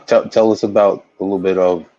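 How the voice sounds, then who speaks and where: A man co-hosting a podcast, asking calm, measured interview questions. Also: low voice, dry recording. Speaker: podcast co-host. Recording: dull, lo-fi dry sound.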